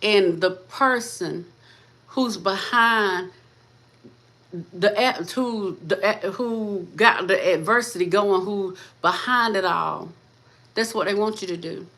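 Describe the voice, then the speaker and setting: A woman's voice: medium pitch, slow pace, a bit bright. A woman hosting a faith-based motivational talk, speaking fervently, repeating her lines and calling listeners "sis" and "baby". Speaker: host of a motivational channel.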